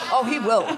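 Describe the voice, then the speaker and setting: A woman co-hosting a comedy podcast, telling a story with animated energy and acting out the voices she quotes. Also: on the high side, very noisy. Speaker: podcast co-host. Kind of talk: comic storytelling before a live audience.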